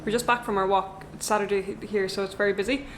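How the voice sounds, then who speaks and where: A woman's voice: medium pitch, fairly even intonation, fast, loud music behind the voice. A young woman, a travel vlogger chatting casually to camera in a rented apartment, rambling and wry.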